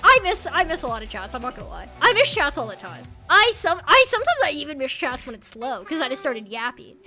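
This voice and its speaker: High, lively young woman streamer. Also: quick pace, music in the background. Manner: animated, yelling and laughing often. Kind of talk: casual chat with viewers.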